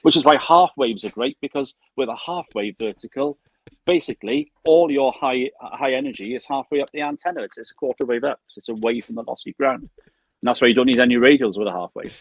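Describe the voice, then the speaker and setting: A man's voice: medium pitch, fairly quick, husky, no room sound, poor audio. A man with a British accent, a guest on a talk show, patiently explaining technical ideas in casual chat. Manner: explains patiently, gestures while talking.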